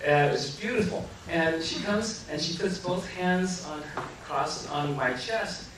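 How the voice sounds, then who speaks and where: A man telling a humorous personal story to a live audience, animated and laughing often, acting out what people said. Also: on the high side, measured pace, a little hiss or hum. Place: large echoey hall with a live audience. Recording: echoey hall from far off, audience audible.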